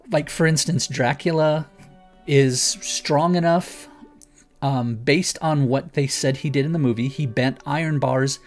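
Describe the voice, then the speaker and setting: A man's voice: medium pitch, darkish tone. A man speaking as a guest in a casual chat, explaining things eagerly and rambling with many restarts. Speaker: guest author.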